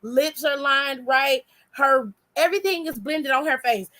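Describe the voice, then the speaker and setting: High voiced lady ranting sassy on her vlog, cusses, laughs a bunch. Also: a little slow, hardly any pauses, bright, forceful tone. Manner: sassy, blunt, profane, laughs often. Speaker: wrestling commentary vlogger. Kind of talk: casual reaction commentary.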